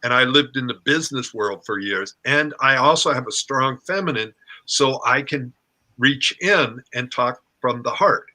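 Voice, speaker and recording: A middle-aged man, a relationship coach, talking in a playful, animated way and acting out his reactions. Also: medium pitch, normal speed. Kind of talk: casual conversation.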